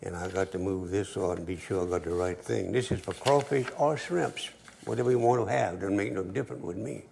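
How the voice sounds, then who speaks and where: Older man, a cooking host, low gravelly voice, joking and easygoing. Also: fairly quick, hardly any pauses, a little mellow, slight background noise. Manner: easygoing, joking, dialect grammar. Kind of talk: folksy cooking demonstration with storytelling.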